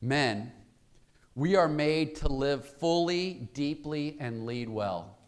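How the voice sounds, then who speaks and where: A man's voice: a little high, lively intonation, slow pace. A male pastor giving a conversational sermon in a church, telling a story and asking the congregation rhetorical questions.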